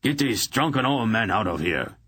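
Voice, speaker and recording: A man voicing an excitable, plaintive male king in an audiobook, protesting and quick to shout. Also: low-pitched, vocal fry, slightly rough, no echo, heavily acted. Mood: agitated.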